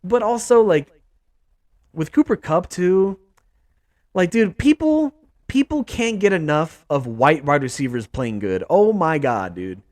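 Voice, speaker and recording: A young man hosting a casual sports podcast, ranting with lots of restarts and mock quotes. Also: measured pace. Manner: animated, repetitive, swings pitch up for mock quotes. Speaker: podcast host.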